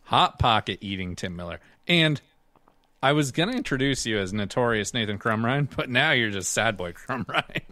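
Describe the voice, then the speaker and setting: A man's voice: medium pitch, animated, moderate pace, pushed and bright, dry recording. A man hosting a casual gaming podcast, playful and teasing, laughing often as he runs the show. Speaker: podcast host.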